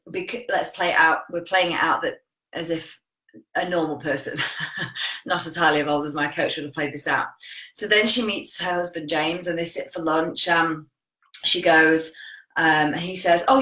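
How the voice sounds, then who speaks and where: A woman's voice: on the low side, sharp tone, reverberant, rough recording. A woman hosting a casual live stream, chatting and greeting viewers by name as she tells a story. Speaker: host of a live coaching stream.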